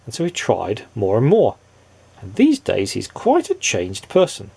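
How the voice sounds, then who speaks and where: A man reading a children's storybook aloud in a playful, expressive way, asking the listener questions. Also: fairly low pitch, a little slow, vocal fry, husky.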